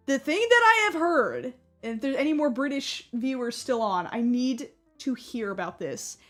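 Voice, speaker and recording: A young woman chatting casually to her live-stream viewers while she plays, talking excitedly and sometimes getting loud when surprised. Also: sits high. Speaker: gaming streamer.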